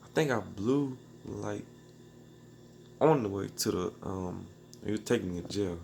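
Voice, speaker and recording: Gravelly low-voiced man telling a story. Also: a little slow, darkish tone, slight background noise. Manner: loose, rambling slang-filled storytelling with restarts. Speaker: beatmaker telling a personal story. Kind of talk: casual storytelling.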